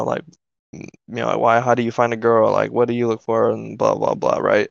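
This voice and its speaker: A podcast co-host tells a story casually and profanely, his fairly low voice showing vocal fry. He packs his speech with fillers and keeps asking "right?" The recording is dull, lo-fi and dry, with no echo.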